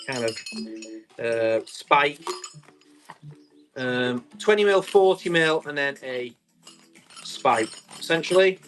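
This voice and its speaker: A man, selling tools on a live stream, chatty and quick to describe each item and call out the bids. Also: fairly high pitch, slight background noise. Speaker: live auction seller.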